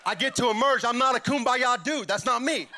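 A man giving an impassioned testimony at church, emphatic and repeating lines as he builds to shouts. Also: very high-pitched, fairly quick, a faint crowd, slight background noise.

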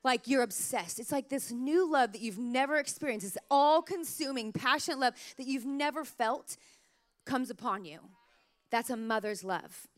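Woman pastor in her thirties, sermon, a bit high-pitched, relaxed and chatty storytelling. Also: normal speed. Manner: warm storytelling, chatty with many "like" fillers.

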